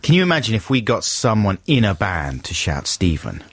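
Low-voiced co-host, easy laugh. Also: male voice, wildly swooping pitch, a bit bright. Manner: laughs easily, halting with fillers. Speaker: radio show co-host. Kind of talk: casual radio banter.

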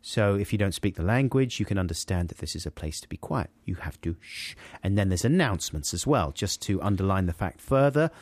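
Animated man telling a comic story. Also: low voice, brisk, few pauses, dry recording. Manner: animated, acts out characters. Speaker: podcast co-host telling a story.

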